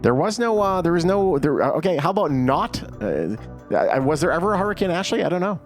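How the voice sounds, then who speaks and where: A man's voice: fairly high pitch, very animated, brisk, faint music behind. A man in his thirties hosting a game show over a video call, teasing and playful. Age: 30s. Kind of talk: joking livestream banter.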